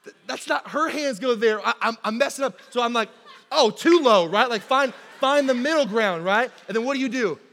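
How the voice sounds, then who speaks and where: A man preaching a sermon in a church, telling stories in a lively, conversational way and often asking "right?". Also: very high-pitched, brisk, hardly any pauses, a little hiss or hum. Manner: animated conversational storytelling, keeps asking "right?". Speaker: pastor. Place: church sanctuary. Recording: long hall reverb in a church.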